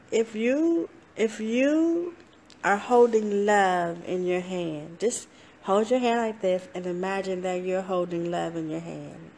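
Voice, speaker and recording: A woman's voice: medium pitch, darkish tone, a little hiss or hum. A woman life coach giving a motivational talk, earnest and repetitive, breaking into laughs now and then. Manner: slow, repetitive, earnest, with laughs and playful self-talk voices.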